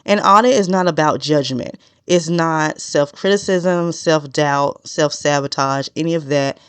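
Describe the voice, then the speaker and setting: A woman hosting a solo podcast, talking straight to her listeners in a direct, no-nonsense way and consciously slowing a naturally fast delivery. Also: deep voice, smooth, dry recording. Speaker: podcast host.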